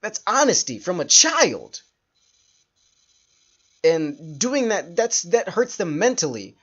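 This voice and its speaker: A man hosting his own podcast, ranting in a frustrated, halting way with sighs and restarts. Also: high voice, very animated, a bit bright, husky, muffled recording. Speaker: podcast host. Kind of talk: solo podcast rant.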